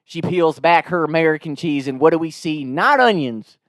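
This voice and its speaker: A man voicing an offended Southern husband with a slow, drawling twang, complaining formally in a pompous, straight-faced way. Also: fairly high pitch, lively intonation, fairly bright tone, no room sound. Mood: indignant. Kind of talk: prank-call impression within a comedic story.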